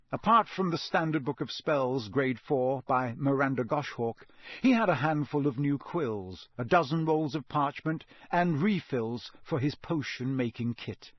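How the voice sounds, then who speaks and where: A man narrating a storybook audiobook in an expressive, scripted way. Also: medium pitch, no echo. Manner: expressive, acts out every character.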